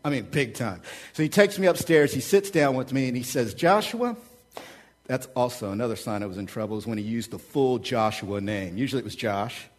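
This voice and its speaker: A man preaching a sermon as a pastor. He swings between loud, urging calls and quiet asides, and repeats key phrases as a refrain. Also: medium pitch, expressive, brisk.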